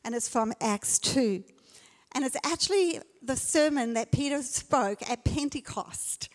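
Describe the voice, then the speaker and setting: High-voiced woman preaching in a hall. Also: lively intonation, unhurried. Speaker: pastor. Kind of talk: sermon. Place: church auditorium. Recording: long church hall reverb.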